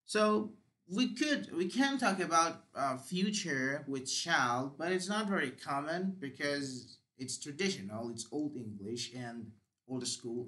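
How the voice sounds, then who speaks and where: A man's voice: medium pitch, bright, forceful tone. A man teaching English grammar, explaining step by step with examples and the odd "uh".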